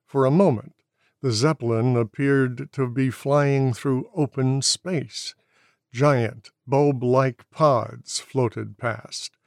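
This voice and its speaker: Slow, gravelly male storyteller. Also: mid-range voice, steady tone, no room sound, clean studio sound. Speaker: narrator. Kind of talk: scripted audiobook narration.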